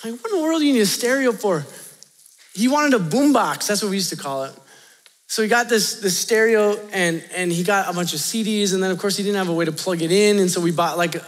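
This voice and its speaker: A man with a high voice tells a story in a youth sermon, animated and chatty, laughing often as he talks straight to the students. His voice carries a long reverb from a large hall. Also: brisk. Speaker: youth pastor.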